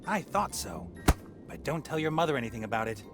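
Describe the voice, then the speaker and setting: Sly, mock-gallant young adventurer, played by a man; lively intonation, game music behind. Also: mid-range voice, a little fast, close to an everyday voice. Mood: teasing. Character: sly young male adventurer posing as a hatter.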